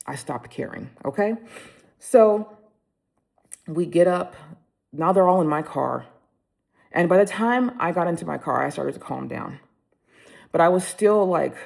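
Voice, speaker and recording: Low gravelly-voiced woman telling a story. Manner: candid, animated storytelling, speeding up and slowing down. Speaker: vlogger recounting a backpacking trip. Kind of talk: casual storytelling vlog.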